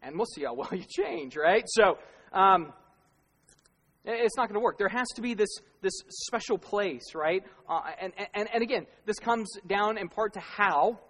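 A man's voice: high voice, lively intonation, moderate pace, a bit bright. A male pastor giving a conversational sermon, asking rhetorical questions and laughing at himself now and then. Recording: long reverb of a large hall.

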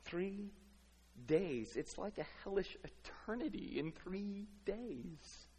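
A middle-aged man preaching a sermon, dramatically acting out inner thoughts with stammering repeats, swinging from hushed to loud. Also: high voice, lively intonation, takes it slowly, slightly rough. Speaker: pastor. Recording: long reverb of a large hall.

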